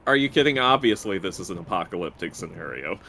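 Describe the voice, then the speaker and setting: A man's voice: deep voice, lively intonation, quick pace, bright, forceful tone, slight background noise. Playful man hosting a game stream. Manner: playful, jokey. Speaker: streamer host. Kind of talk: casual chat over gameplay.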